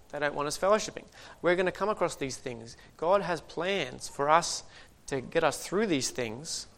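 Man, preacher, sermon, conversational, joking asides, somewhat high voice. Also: fairly bright tone.

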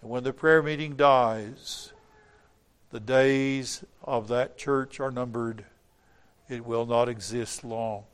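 A man preaching a sermon, emphatic, repeating phrases for weight, his voice swelling to loud peaks and sinking low and quiet. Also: fairly even intonation, slow, clean tone.

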